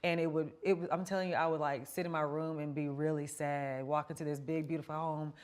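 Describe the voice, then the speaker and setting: A woman's voice: deep voice, steady tone, brisk, darkish tone. A woman in a casual faith conversation, chatty and confiding, telling personal stories with quoted asides.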